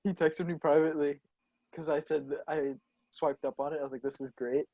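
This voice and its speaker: A young man co-hosting a podcast, laughing easily and quick to chime in, with a husky voice. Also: fairly high pitch, flat delivery, warm tone, no echo. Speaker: podcast co-host. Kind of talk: casual chat. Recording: dull lo-fi sound, dry.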